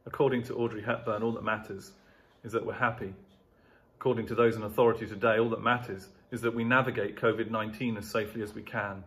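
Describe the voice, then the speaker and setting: A pastor preaching a sermon, stressing key words and driving home points through rhetorical repetition. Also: male voice, lowish voice, little pitch movement, quick pace, a bit bright.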